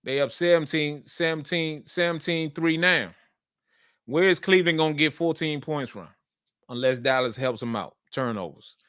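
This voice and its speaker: A man with a bright, forceful voice and a slightly high pitch gives loose, casual football commentary. He repeats his points for emphasis and speaks in a colloquial way. The sound is dry and close, with little room echo. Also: normal speed, smooth. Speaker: sports show host.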